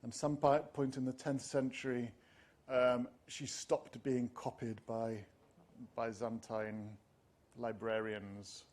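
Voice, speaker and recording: A man's voice: mid-range voice, level tone, takes it slowly, a little mellow. A middle-aged man lecturing on classics to teachers, speaking in a discursive way with frequent ums and restarts. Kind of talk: university lecture.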